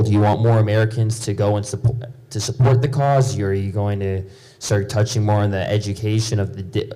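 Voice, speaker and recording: Flat-voiced low man asking a long question. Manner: long-winded, hesitant with fillers. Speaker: audience member asking a question. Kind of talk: audience question at a panel. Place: law school auditorium.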